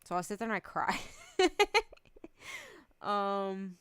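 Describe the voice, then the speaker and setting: A woman's voice: mid-range voice, steady tone, takes it slowly, fairly bright tone, clear, resonant tone, no echo. A young adult woman streamer chatting casually, rambling, giggling often and swearing freely. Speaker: VTuber streamer.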